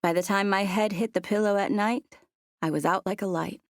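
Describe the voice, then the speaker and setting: A woman's voice: mid-range voice, fairly even intonation, moderate pace, no room sound, clean studio sound. Earnest woman narrating an audiobook. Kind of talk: first-person audiobook narration.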